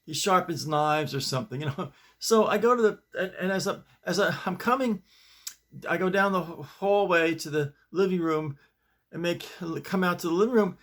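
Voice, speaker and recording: A man's voice: high voice, normal speed, a bit bright. A man hosting his own video show, telling a story in a casual, rambling way with many restarts, recorded in his bedroom. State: shaken up. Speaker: host.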